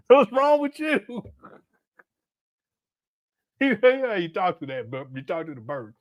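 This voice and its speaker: Forties male host, high and lively voice, mocking reaction commentary. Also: takes it slowly. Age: 40s. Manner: animated, laughing, mocking.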